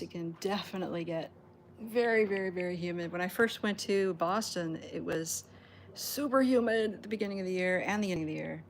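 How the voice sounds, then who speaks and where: A woman's voice: mid-range voice, a little hiss or hum. Chatty woman cooing at cats. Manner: chatty, laughs often, coos at the cats. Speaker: host of a cat rescue livestream. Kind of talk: casual livestream chat. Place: indoors at a cat sanctuary.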